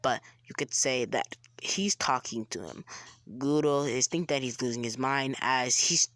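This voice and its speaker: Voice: mid-range voice, a little slow, a bit bright, dry recording, clean studio sound. Rambling young fan storyteller. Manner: rambling, filler-heavy, restarts, drops into whispers. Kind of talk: casual amateur story narration.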